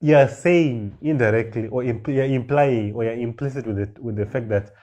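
A man leading a prayer meeting, teaching in a relaxed, conversational way with frequent restarts and check-ins with his listener. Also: medium pitch, moderate pace. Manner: conversational, repeats "you understand?", frequent restarts. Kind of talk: informal teaching sermon.

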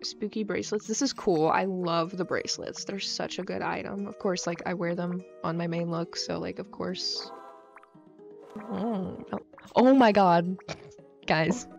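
A young woman who makes gaming videos reacts to a game update in a lowish, creaky voice at a measured pace. She's excitable and talkative, full of slang and fillers. Her handheld mic peaks into overdrive on a dull lo-fi recording with faint music.

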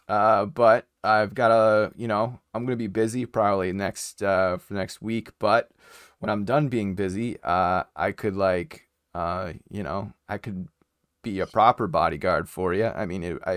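Man, tabletop player, in character, casual, halting, low voice. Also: fairly even intonation, fairly bright tone, smooth, no room sound, studio quality. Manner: hesitant, many ums and uhs.

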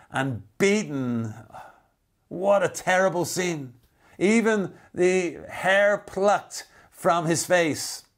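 A man, preaching a sermon as a pastor, who slows down for emphasis and drops to a soft voice at key lines. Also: fairly high pitch.

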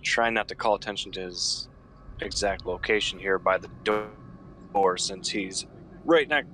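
Slow, low-voiced tabletop player. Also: male voice, sharp tone, slight background noise. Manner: slow, drawn-out descriptions. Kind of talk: narrating his character's actions in a tabletop game.

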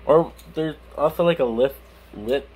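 A man's voice: a little high, unhurried, a little mellow, slight background noise. A young man chatting casually on his vlog, speaking with a lisp from a burned tongue, laughing and swearing as he stumbles over words. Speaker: YouTuber.

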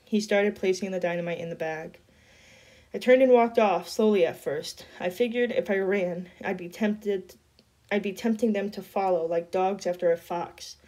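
Woman reading a novel aloud. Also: fairly low pitch. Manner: steady storytelling narration. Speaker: reader.

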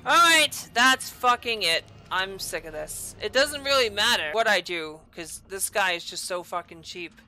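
A young woman hosting a gaming channel, giving raging gameplay commentary, swearing and yelling in frustration. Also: mid-range voice, animated, moderate pace, few pauses, loud music behind the voice.

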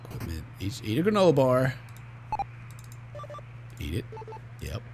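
A man's voice: mid-range voice, wildly swooping pitch, a little slow, darkish tone, a little hiss or hum, rough recording. Exasperated young man playing a game. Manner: self-mocking, exasperated muttering. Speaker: gaming channel host. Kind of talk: let's play commentary.

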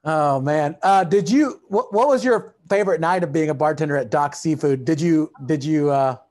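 A man's voice: on the high side, moderate pace, a little mellow. A man hosting a podcast over a video call, asking rambling, amused questions. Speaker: podcast host. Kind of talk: casual interview.

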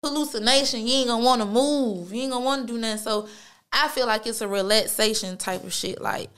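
Fairly high in pitch and fairly quick, this woman's voice is a bit bright, clear and resonant. As host of her own podcast, she tells a story in an easygoing monologue, full of slang and profanity and peppered with "like" and "you feel me."

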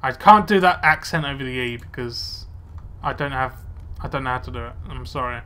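A young man, a let's play gamer, casually comments on his gameplay, chatty and muttering to himself as he plays. His voice is medium in pitch, brisk, pushed and bright.

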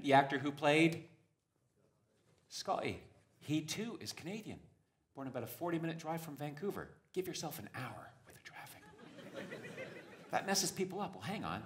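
A man performing stand-up comedy on stage, with a deadpan, punning delivery. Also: on the high side. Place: stage before a live audience.

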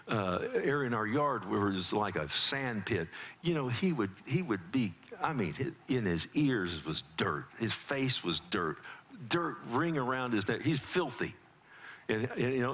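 Lively middle-aged pastor preaching a sermon. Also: male voice. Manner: animated storytelling with quick pitch jumps for quoted child voices; frequent restarts and conversational asides to the congregation. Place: church sanctuary.

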